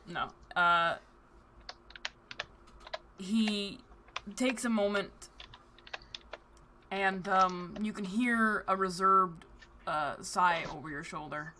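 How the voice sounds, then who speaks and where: A woman's voice: fairly low pitch, background noise. A woman narrating as game master of a tabletop role-play game, hesitant and full of fillers.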